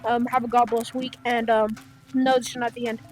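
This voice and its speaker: Young female gaming vlogger, high voice, rambling casual chat, faint music behind. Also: little pitch movement, a little fast. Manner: rambling, many fillers and playful asides. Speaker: gaming channel host.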